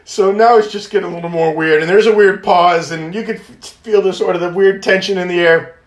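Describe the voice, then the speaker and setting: A man hosting a podcast, telling stories in a casual, high-energy way, laughing often and acting out phone calls. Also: fairly even intonation, a little fast. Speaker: podcast host and wish granter. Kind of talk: casual storytelling monologue. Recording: echoey room.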